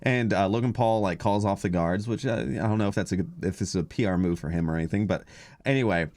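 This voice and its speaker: A man's voice: lowish voice, fast, darkish tone, no room sound. A man hosting a podcast in casual chat, rambling and hesitant, full of fillers, on a podcast microphone. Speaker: podcast host.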